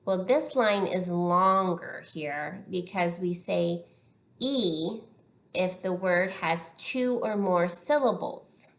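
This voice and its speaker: Slow, patient woman teaching phonics. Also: lowish voice. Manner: clear, patient, drawn-out prompting. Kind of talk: slow, deliberate phonics lesson. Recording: echoey room.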